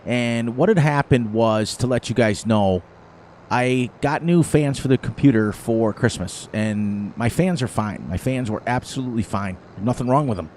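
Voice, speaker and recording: A man's voice: mid-range voice, moderate pace, darkish tone. Middle-aged guy rambling thru his stories while he plays, laughs a lot, faint noise behind. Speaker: gaming channel host. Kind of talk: casual chat over gameplay.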